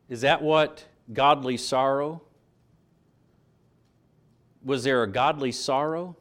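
Male pastor, animated sermon delivery, reads scripture with swelling emphasis. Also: mid-range voice, takes it slowly, pauses often. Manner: animated preaching, reads verses aloud with rising emphasis.

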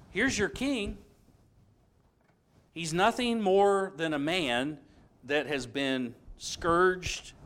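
Man teaching a dramatic Bible lesson. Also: a little high. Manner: dramatic retelling with sudden loud and hushed passages; conversational, with restarts and asides.

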